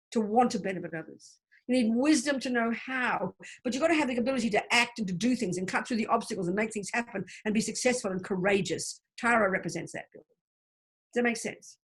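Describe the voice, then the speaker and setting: A husky woman whose voice sits on the high side leads a Buddhist study session over video call. She warmly explains mantras and chants their syllables aloud for participants to repeat.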